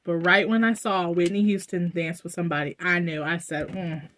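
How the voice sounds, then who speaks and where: Chatty American woman, low voice. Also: fairly even intonation, normal speed, fairly bright tone, a little hiss or hum. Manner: chatty, rambling, fillers and asides to viewers. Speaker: vlogger. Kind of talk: casual haul vlog. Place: indoors at home.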